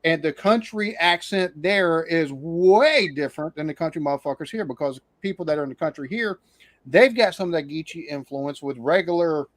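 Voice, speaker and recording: A man's voice: a little high, normal speed, no room sound. A man from the Alabama Gulf Coast, hosting a casual chat and rambling through profane stories. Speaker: host.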